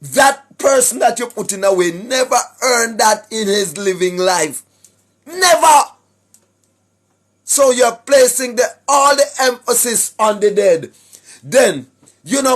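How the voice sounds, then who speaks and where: A Jamaican man addresses his online viewers in a preachy, sing-song way, firing rhetorical questions and clearing his throat between points. His voice sits very high and sounds husky, and he takes his time over each phrase. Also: animated, takes it slowly. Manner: sing-song rhetorical delivery, keeps asking "right?", clears throat often. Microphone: speaking straight to a camera or phone.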